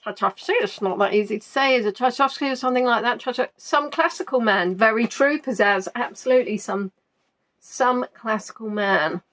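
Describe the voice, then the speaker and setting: Woman, quiz host, playful and chatty, slightly high voice. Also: a little fast, a bit bright. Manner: chatty and playful, repeats answers aloud, muses between questions. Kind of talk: live-stream quiz, reading out viewers' answers.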